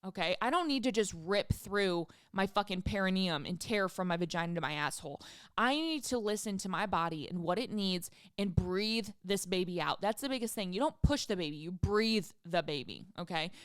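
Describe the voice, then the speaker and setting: Recorded with clean studio sound and no room sound, a podcast host in her thirties casually tells a personal story, speaking candidly and emphatically with plenty of swearing. Her medium-pitched voice is expressive, clear, and resonant, at a moderate pace.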